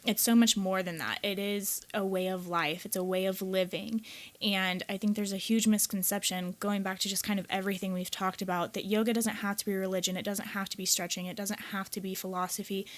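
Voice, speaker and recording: A woman's voice: mid-range voice, little pitch movement. Earnest Midwestern woman telling a story. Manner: earnest, quickens and rises when reliving a moment. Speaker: podcast co-host, yoga teacher. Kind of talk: candid personal storytelling.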